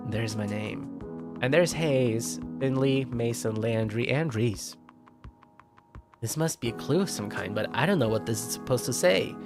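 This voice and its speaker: Guy streamer reading a visual novel out loud, animated, game music going underneath. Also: medium pitch. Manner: expressive, jumps into loud yelps and laughs.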